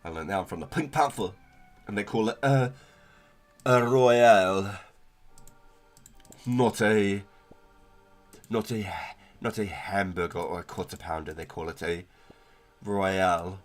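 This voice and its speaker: Young NZ-male streamer, low voice, slangy rambling chat, faint music under it. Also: moderate pace, long pauses. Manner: laid-back, slangy, rambling with frequent "bro" and "like". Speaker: livestreamer. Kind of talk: casual gaming stream chat.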